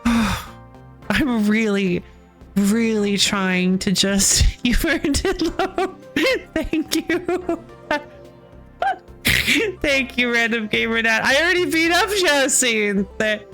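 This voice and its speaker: A woman streamer chats casually while she plays, ranting with lots of laughter and sighs. Her slightly high, somewhat bright voice moves extremely slowly with long pauses, over soft background music.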